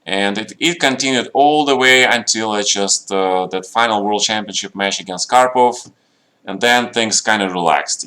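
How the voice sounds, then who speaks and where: Middle-aged man, chess streamer, rambling story, keeps tossing in "yeah?", bright forceful voice. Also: fairly low pitch. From Russia. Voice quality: slightly broken non-native grammar. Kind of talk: casual storytelling on a live stream.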